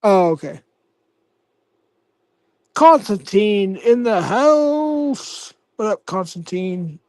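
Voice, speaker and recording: A man's voice: sits high, animated, very slow, darkish tone, no room sound. A man hosting a casual livestream, reading chat comments aloud with profane, mocking banter. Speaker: livestream host.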